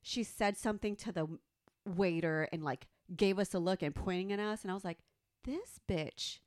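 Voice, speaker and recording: A woman in her thirties telling a story in casual chat, animated and profane, acting out the quotes. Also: fairly low pitch, fairly quick, no echo, clean studio sound. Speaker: podcast co-host.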